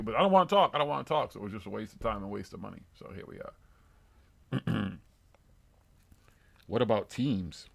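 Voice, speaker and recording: A man in his fifties with a gravelly, fry-laced voice, talking loosely and profanely as a live show co-host. He laughs often and his pitch jumps around a lot. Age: 50s. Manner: laughs often, swears freely, loud swings in pitch. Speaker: podcast co-host. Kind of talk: casual profane chat.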